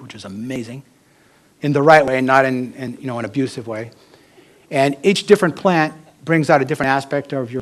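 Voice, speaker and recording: A middle-aged American man giving a talk as an author, telling personal stories in a candid, rambling way with asides. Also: mid-range voice.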